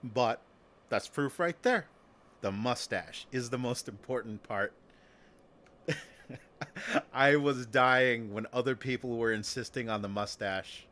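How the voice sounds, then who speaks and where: A man's voice: mid-range voice, slow, long pauses, sharp tone. A man streaming a game, chatting casually and jokily with his chat and swearing now and then. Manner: rambling, jokey, swears, chants and talks to chat.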